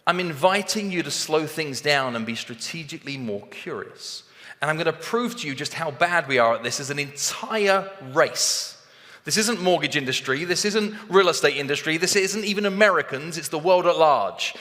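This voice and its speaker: Animated motivational speaker with bright voice. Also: male voice, fairly high pitch, normal speed, big-room sound. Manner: animated, acts out both sides of conversations. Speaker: sales trainer speaking on stage. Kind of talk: motivational talk.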